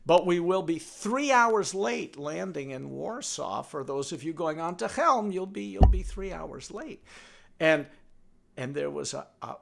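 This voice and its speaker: An older man spins a village folktale. His voice is high and gravelly, and his pitch leaps all over. He is playful and animated, as if he is sharing the tale with a friend. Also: measured pace, slight background noise. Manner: animated, playful, talks to his donkey puppet. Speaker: storyteller. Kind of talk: oral folktale telling.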